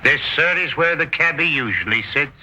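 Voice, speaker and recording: An actor playing a flustered, stammering Dr. Watson. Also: male voice, fairly high pitch, animated, normal speed, natural voice. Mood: stiff. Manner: fumbling, stammering, earnest. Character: Dr. Watson, flustered, loyal Victorian doctor. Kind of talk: 1950s television drama acting. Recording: dull lo-fi 1950s TV soundtrack.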